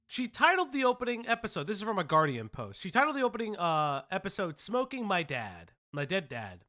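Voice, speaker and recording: A man's voice: high-pitched, huge pitch swings, brisk, hardly any pauses, pushed and bright. A man hosting a casual online commentary show, blunt and sarcastic, swearing freely as he reacts.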